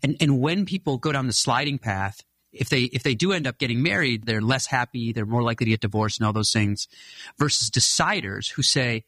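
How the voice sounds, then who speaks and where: A man's voice: mid-range voice, lively intonation, fairly quick, a bit bright, no echo. A man being interviewed as the author of a book, explaining ideas earnestly and now and then laughing. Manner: earnest, laughs occasionally, frequent restarts. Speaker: author guest.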